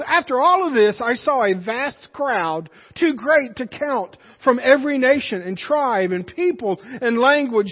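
A man preaching a sermon in a church, emphatic and conversational, with joking asides to the congregation. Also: very high-pitched. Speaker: pastor. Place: church sanctuary. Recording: reverberant hall, dull muffled sound.

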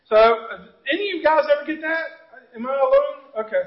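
A man's voice: very high-pitched, fairly quick, dull audio. A middle-aged man preaching a sermon, telling folksy stories and jokes and talking to the congregation. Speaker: pastor. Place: church sanctuary.

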